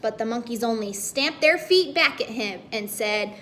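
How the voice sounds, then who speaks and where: A woman's voice: a little high, animated, moderate pace, a bit bright, a little hiss or hum. A woman reading a children's story aloud, playfully asking the kids questions as she goes.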